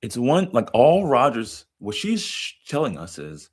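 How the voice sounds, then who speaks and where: A man's voice: medium pitch, huge pitch swings, a little slow, hardly any pauses. A man, a therapist, giving emphatic commentary on a therapy film clip. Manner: emphatic, explanatory. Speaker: therapist and educator.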